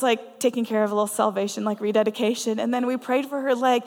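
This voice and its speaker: A woman's voice: fairly high pitch, steady tone, fast talker, hardly any pauses, darkish tone. Woman preaching in a reverberant church hall. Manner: conversational and earnest, with frequent laughs. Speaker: guest preacher. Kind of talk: storytelling sermon. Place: church sanctuary.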